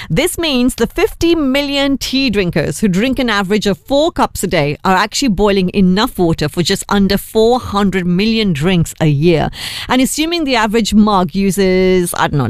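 A woman's voice: medium pitch, dry recording. Chatty lady hosting breakfast radio, talks to listeners, drops in hindi words, studio mic. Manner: chatty, laughs easily, mixes in Hindi words. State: voice going a bit. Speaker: radio breakfast show host. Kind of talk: casual radio presenting. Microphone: studio microphone.

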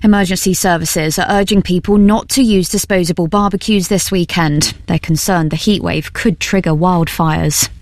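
A woman reads a scripted news bulletin in a measured, formal voice. Her voice sits a little low. The studio sound is dry and close. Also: steady tone, darkish tone, no echo. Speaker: newsreader.

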